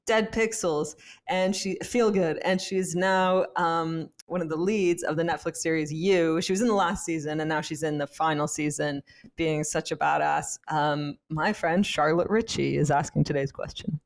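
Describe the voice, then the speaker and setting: Chatty woman podcast co-host, low voice. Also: fairly even intonation, normal speed. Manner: chatty, laughs often, many fillers. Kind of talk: casual chat.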